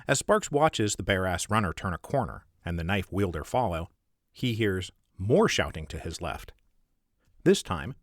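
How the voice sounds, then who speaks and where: Give me a low, dry-sounding man narrating the stage directions of his screenplay in a wry, measured table-read style. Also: dry recording. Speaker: author reading his own script.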